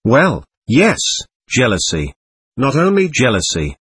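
Man voicing an impassioned, husky young man. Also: medium pitch, wildly swooping pitch, measured pace, fairly bright tone, heavily acted. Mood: heated. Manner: impassioned, pleading, emphatic. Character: agitated proud young man under questioning. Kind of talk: audiobook character reading.

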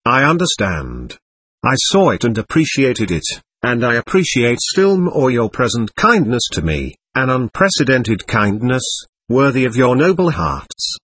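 A man voicing an excitable, proud nobleman under police questioning, talking on and on in a defiant way. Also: mid-range voice, unhurried, breathy edge, no room sound, full character voice. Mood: effusive. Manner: voluble, defiant, laughing nervously.

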